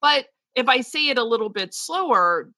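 A woman's voice: fairly high pitch, expressive, moderate pace, sharp tone, no echo. A woman co-hosting a podcast and speaking frankly and at length as a teacher, often restarting her sentences. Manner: frank and talkative, with many restarts. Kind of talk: casual podcast discussion.

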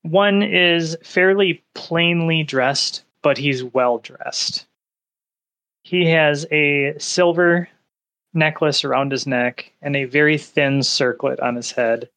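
A man narrating a tabletop game as game master, describing scenes in a casual, unhurried way. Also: fairly high pitch, sharp tone.

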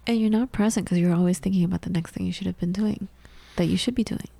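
A woman's voice: on the low side, quick pace, creaky, warm tone, dry recording. A woman podcast co-host in her thirties telling candid personal stories in casual conversation, with frequent restarts.

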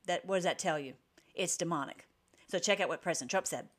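Woman giving rapid political commentary. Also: lowish voice. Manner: emphatic, rapid-fire asides. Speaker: online commentator. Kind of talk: political commentary over video clips.

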